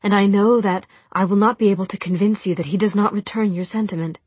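A woman voicing an earnest, gentle young woman. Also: mid-range voice, steady tone, fast, breathy edge, dry recording, lightly acted. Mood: earnest firm. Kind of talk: audiobook character voice.

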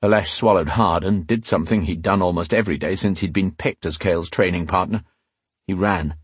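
Husky low-voiced male narrator. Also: brisk, no echo. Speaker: audiobook narrator. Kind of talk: scripted narration.

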